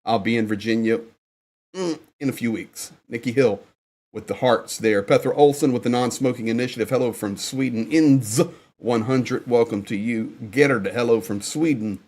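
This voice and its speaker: A man of medium pitch and moderate pace hosts a casual livestream from indoors in Ukraine. Upbeat, he reads out viewer names and gives each one a shout-out.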